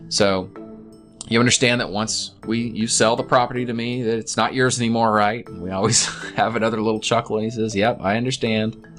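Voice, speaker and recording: A man's voice: on the low side, steady tone, brisk, fairly bright tone, soft background music. A man reading a real estate form aloud clause by clause, breaking in with light jokes and side notes. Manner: reads clauses aloud, then jokes and asides. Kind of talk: casual explainer reading a document aloud.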